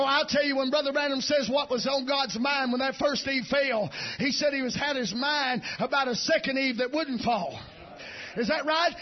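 A man preaching a fiery sermon, shouting in rhythmic bursts and punctuating lines with amen. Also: very high voice. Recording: dull lo-fi church recording.

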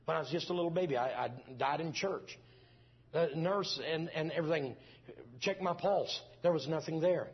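A man's voice: on the high side, normal speed, slightly rough, dull audio. A middle-aged man, preaching a testimony in a folksy storytelling way full of restarts. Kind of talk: sermon testimony.

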